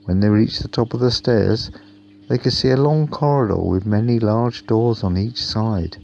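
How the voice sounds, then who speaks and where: A man narrating a children's storybook in a slow, gentle way. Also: on the low side, vocal fry. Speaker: storybook reader. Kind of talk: children's storybook read-aloud. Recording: dull lo-fi with faint hum.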